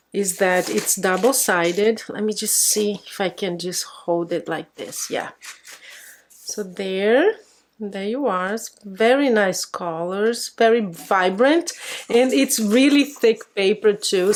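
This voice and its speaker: A woman hosting a crafting channel, casually unboxing a card kit with fond, chatty commentary and frequent restarts. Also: mid-range voice.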